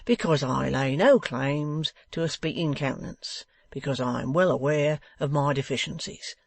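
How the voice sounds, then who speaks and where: A man reading as a scheming old-fashioned ballad-seller, oily and grandiloquent, drawing out his words for effect. The voice carries a gravelly edge, and the sound is close and dry. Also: fairly high pitch, moderate pace, no room sound. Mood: pompous. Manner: grandiloquent, theatrical, oily affability. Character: scheming, wheedling one-legged male ballad-seller. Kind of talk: audiobook character voice.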